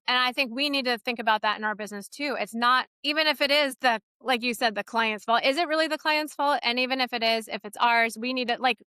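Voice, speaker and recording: High bright lady on a podcast, storytelling all animated, laughs a lot. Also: clean tone, no echo. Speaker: podcast co-host, photography studio owner. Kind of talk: casual podcast chat.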